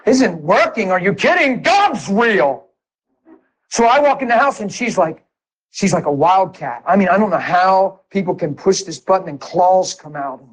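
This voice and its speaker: A man preaching his own conversion testimony in a sermon, moving from hushed, earnest talk to excited shouts. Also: sits high, normal speed, rough recording.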